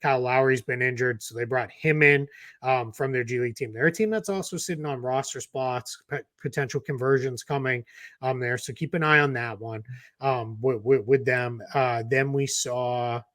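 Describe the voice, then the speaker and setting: Male co-host with a Boston accent, casual analyst, dry close mic, middle pitch. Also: fairly bright tone, no room sound. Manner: quick, loose analysis with fillers and restarts. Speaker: podcast co-host, basketball analyst. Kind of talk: casual chat.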